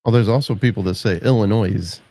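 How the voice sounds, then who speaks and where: A man's voice: on the low side, a little fast, dark tone, no echo. A man co-hosting a casual chat show, laid-back, mostly giving short agreeing replies. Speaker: co-host.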